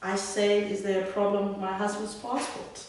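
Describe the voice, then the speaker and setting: A woman's voice: mid-range voice, little pitch movement, normal speed, a little mellow, distant mic, a little hiss or hum, close to an everyday voice. A woman voicing a haughty lady with a posh upper-class English accent. It is a live reading, heard in an echoey room. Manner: posh, superior.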